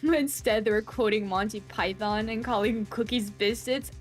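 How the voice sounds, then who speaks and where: A young woman chatting casually and playfully while streaming a game, laughing often. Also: moderate pace. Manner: playful, laughs often, bursts into high squeals. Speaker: VTuber streamer. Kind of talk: casual game livestream commentary. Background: faint background music.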